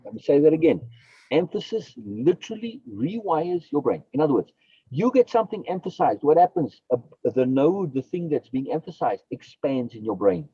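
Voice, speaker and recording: A man's voice: mid-range voice, sing-song, a little fast, husky, no room sound, lo-fi sound. A man, a philosophy guest on a podcast, explaining his ideas emphatically, repeating key phrases and asking and answering his own questions.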